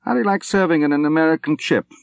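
A white-haired old general, hearty and jovial, his raised voice booming out each point, as a male narrator puts him on. He is played high and loud against the reader's usual low, dry tone, heard in a spoken book. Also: fast, vocal fry, no room sound. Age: older. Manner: booming, cheerful, emphatic.

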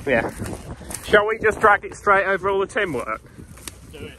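A man jokes dryly as he works outdoors in a boggy field. His voice sits a little high. The clip carries clear outdoor noise behind him. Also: big pitch swings, moderate pace. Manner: dry, joking, matter-of-fact. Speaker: vlog host. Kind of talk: casual banter while working.

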